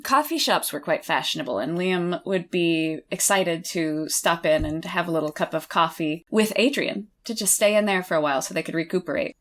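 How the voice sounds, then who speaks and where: A woman narrating and running a tabletop role-playing game in a relaxed, chatty way. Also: lowish voice, normal speed, hardly any pauses. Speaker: game master.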